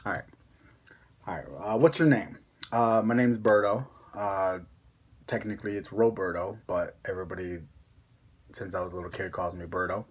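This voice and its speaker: A man's voice: deep voice, fairly even intonation, normal speed, long pauses, slightly rough. A young man with a Connecticut accent, chatting casually on a vlog in a rambling, self-mocking way. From born in Mexico, raised in Connecticut. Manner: rambling, chatty, laughs at himself. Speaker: ASMR vlogger. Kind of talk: casual chat.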